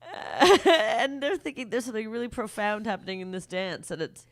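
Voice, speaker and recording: A woman's voice: on the high side, big pitch swings, normal speed. A young woman co-hosting a casual comedy podcast, teasing and mock-dramatic. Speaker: podcast co-host.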